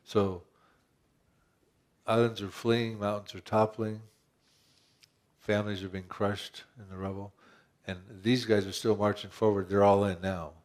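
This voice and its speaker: A man's voice: lowish voice, little pitch movement, measured pace, pauses often, darkish tone. A man pastor preaching a conversational sermon, asking rhetorical questions and often restarting his phrases.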